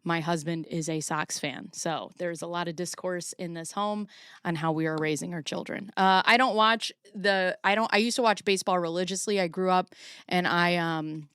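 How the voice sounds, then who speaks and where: Woman streamer in her forties, casual rambling chat, smooth clear voice, dry close sound. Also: lowish voice, fairly even intonation, normal speed, a bit bright, dry recording. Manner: rambling, chatty, self-deprecating. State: a little out of breath. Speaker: streamer host.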